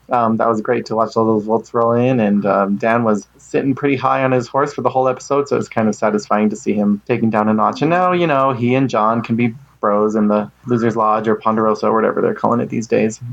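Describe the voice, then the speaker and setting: A man calling in to a podcast, talking about the week in a relaxed, chatty, easygoing way. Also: mid-range voice, lo-fi sound. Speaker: caller. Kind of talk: casual voicemail recap.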